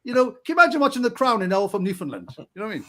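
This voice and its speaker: A man with a Barnsley accent from Yorkshire, co-hosting a podcast in casual chat, telling animated stories with frequent laughs and stumbles. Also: high voice, very fast. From England. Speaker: podcast co-host.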